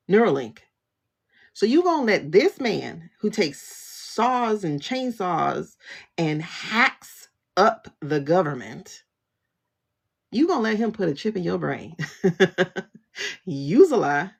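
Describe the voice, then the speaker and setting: On a phone livestream, a woman who reads tarot and hosts the stream rants bluntly and sassily, laughing often. Her voice sits in the mid range and sounds gravelly and husky.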